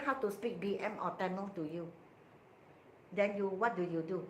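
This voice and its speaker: A woman's voice: mid-range voice, steady tone, echoey room, a little hiss or hum. A woman with a Malaysian English accent, teaching on a livestream Q&A, explaining patiently with lots of repetition and acted-out exchanges. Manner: explains slowly and repeats herself, acting out both sides of a conversation.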